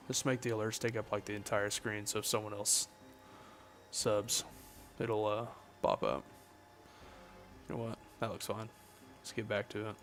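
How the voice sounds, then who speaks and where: A man's voice: lowish voice, steady tone, normal speed, long pauses, fairly bright tone, slight background noise. Chatty young man streaming a game. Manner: chatty, jokey, reads chat aloud. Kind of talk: casual livestream chat while gaming.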